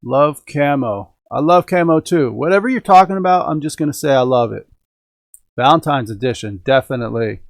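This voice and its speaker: Speaking fairly quickly in a creaky, mid-range voice, this middle-aged man runs a radio-control hobby live stream indoors at home. He keeps things casual and upbeat with his viewers and the chat, and there's no echo.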